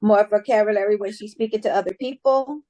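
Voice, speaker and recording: A woman's voice: mid-range voice, quick pace, mellow, dry recording. A woman English teacher answering students' questions in a classroom, talking casually and encouragingly with many restarts.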